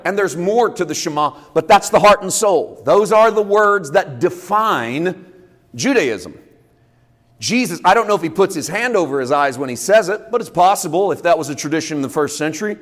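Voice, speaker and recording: A man's voice: high voice, expressive, moderate pace. A male pastor teaching a conversational sermon, explaining scripture in a folksy way with casual sports idioms. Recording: long reverb in a large hall.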